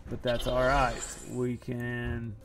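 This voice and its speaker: Gravelly man streaming a card game. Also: mid-range voice, monotone, takes it slowly, fairly bright tone, faint music behind. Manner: chatty, self-deprecating, groaning at bad luck. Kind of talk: casual live-stream commentary.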